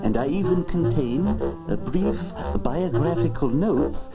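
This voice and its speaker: A woman's voice: very deep voice, huge pitch swings, takes it slowly, music in the background, exaggerated voice. Woman voicing a pompous talking dictionary. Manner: fussy, grandiloquent, lecturing. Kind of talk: educational film acting. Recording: dull lo-fi old film sound.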